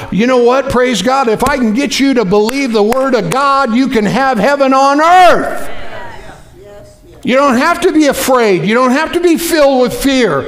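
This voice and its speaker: A man preaching a sermon as pastor, in a folksy, conversational way full of fillers that builds up into shouted emphasis. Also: very high voice.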